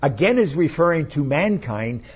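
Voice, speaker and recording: A man delivers a sermon from a church, walking his listeners through scripture passages with emphatic, explanatory teaching. His voice sits a little high and carries a husky edge. The recording sounds dull and lo-fi. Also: very animated, normal speed. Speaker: pastor.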